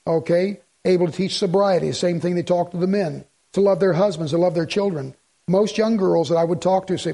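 A middle-aged man preaches with a husky, slightly breathy voice set high for a man. He speaks in a folksy, emphatic way, pressing his listeners with rhetorical questions. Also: fairly even intonation, fairly quick, mellow. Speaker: pastor. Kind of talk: sermon.

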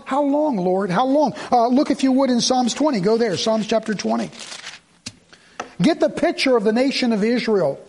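A man preaching a sermon in a conversational way, asking the congregation rhetorical questions and sometimes dropping to a soft, low voice for emphasis. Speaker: pastor.

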